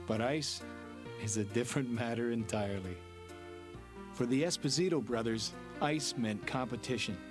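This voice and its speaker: A man giving measured, scripted documentary narration. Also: medium pitch. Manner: steady, measured storytelling. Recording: narration over music. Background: music.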